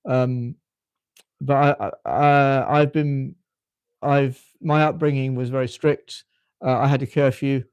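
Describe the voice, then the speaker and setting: Halting well-spoken British man in his fifties. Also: medium pitch, fairly even intonation, darkish tone, smooth, dry recording, dull audio. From United Kingdom. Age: 50s. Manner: halting, often repeats his words. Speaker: livestream host. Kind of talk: casual live chat.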